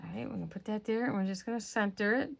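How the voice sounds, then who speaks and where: A woman with a gravelly, slightly worn voice walks through a paper craft step by step, talking casually as she works. She murmurs and trails off now and then while her hands are busy, at a middling pitch. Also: rapid-fire. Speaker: craft tutorial host.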